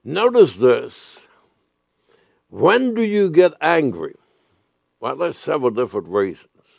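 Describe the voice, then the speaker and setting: A man preaching a sermon as a pastor, speaking earnestly and deliberately with repeated phrases and sudden loud outbursts. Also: a little high, sing-song, creaky, dry recording, clean studio sound.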